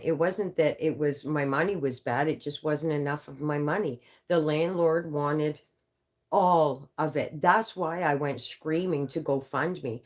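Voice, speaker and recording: A woman with a low, deep-set voice talks on a casual live stream from her home. She sounds sleepy and worn down, rambling in halting bursts, swearing and restarting her sentences again and again. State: tired, sleepy. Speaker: livestreamer.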